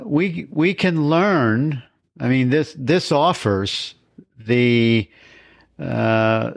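A male podcast host speaks slowly and affirmingly, hesitating between phrases. His voice has a gravelly edge. The sound is dry and close. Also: medium pitch, no room sound. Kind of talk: conversational interview.

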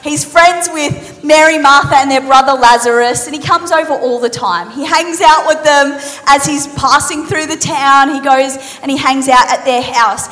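A woman preacher giving a sermon in a lively, conversational, playful storytelling manner. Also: high voice, normal speed, faint music behind. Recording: reverberant hall.

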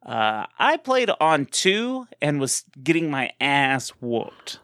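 A man's voice: fairly high pitch, very animated, takes it slowly, bright, forceful tone, smooth, no echo, clean studio sound. A man from Texas, co-hosting a casual gaming podcast, laughing often and swearing casually. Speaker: podcast co-host.

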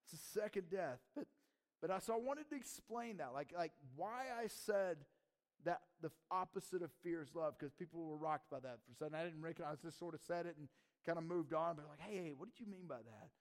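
A man pastor giving a sermon, conversational and animated, acting out frightened voices as he preaches. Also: on the high side, fairly quick.

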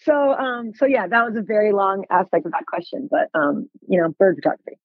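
A woman's voice: mid-range voice, expressive, normal speed, breathy edge, no echo. Rambling woman on a tinny line. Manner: rambling, self-correcting, laughing. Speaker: guest, snowboard photographer. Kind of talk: casual podcast interview. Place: booth in a lodge bar. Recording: tinny, phone-like dry sound.

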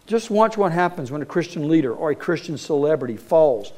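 A man with a notably high voice preaches to his congregation in a church. He is earnest and emphatic, leaning on rhetorical questions and deliberate pauses to drive each point home. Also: very animated, dark tone. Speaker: pastor. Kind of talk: sermon. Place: church sanctuary.

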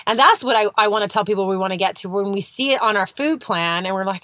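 A woman's voice: mid-range voice, fast, few pauses, bright, forceful tone, no room sound. A middle-aged woman coaching listeners in a casual motivational talk, chatty and conversational, often asking "right?". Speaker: weight-loss coach.

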